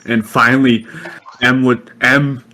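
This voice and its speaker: A man telling a school story in casual chat, halting with many ums and uhs and small chuckles. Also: mid-range voice, level tone, sharp tone, slight background noise, low-quality recording.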